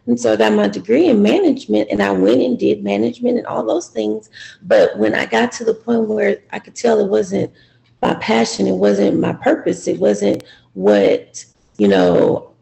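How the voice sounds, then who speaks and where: A woman's voice: mid-range voice, expressive, normal speed, creaky, mellow, rough recording. A woman at a seminar sharing her own story, reflective and a little hesitant. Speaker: seminar participant. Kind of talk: personal testimony.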